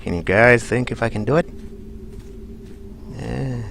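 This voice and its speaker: A man keeps up loose, jokey live commentary as he plays. His voice sits in an ordinary middle pitch. A faint hiss runs under the recording. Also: unhurried, gravelly, fairly bright tone. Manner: chatty, rambling, jokey. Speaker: livestream host. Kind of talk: let's play commentary.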